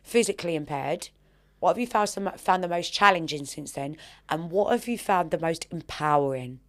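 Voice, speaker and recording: A woman's voice: on the low side, normal speed. A woman hosting a casual podcast interview, chatty and swearing freely, calling her guest darling. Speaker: podcast host.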